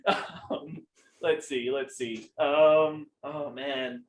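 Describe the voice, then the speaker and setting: A man's voice: fairly high pitch, fairly even intonation, very slow, a little hiss or hum, low-quality recording. Rambling, profane young man. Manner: rambling, profane, with many ums. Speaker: podcast co-host. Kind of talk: casual chat.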